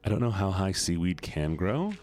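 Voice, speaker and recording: A man's voice: low voice, big pitch swings, moderate pace, darkish tone. A young man from the US Midwest, chatting playfully and rambling to his chat while gaming on a live stream.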